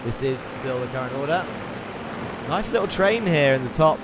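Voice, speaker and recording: A man commentating an online sim race, excitable and chatty, reading out viewer messages between the action. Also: medium pitch, moderate pace, over music. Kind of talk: live esports race commentary.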